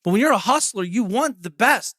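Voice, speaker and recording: A man's voice: high voice, animated, brisk, sharp tone, no room sound, clean studio sound. A man in his forties hosting a podcast, giving a blunt, profane motivational monologue. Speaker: podcast host.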